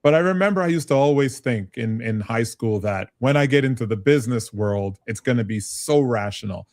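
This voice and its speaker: A middle-aged man from Canada, speaking at a middle pitch, talks as a guest in an interview. He tells his stories with animation and a self-mocking edge. His delivery is conversational and easy. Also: expressive, a little fast, a little mellow, no echo, studio quality. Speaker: guest, business advisor.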